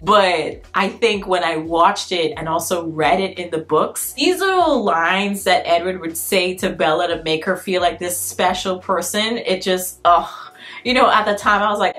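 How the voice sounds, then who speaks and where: A woman's voice: mid-range voice, a bit bright. A Bahamian-accented woman in her twenties, chatting animatedly as a vlogger and acting out quotes in voices. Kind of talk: casual commentary.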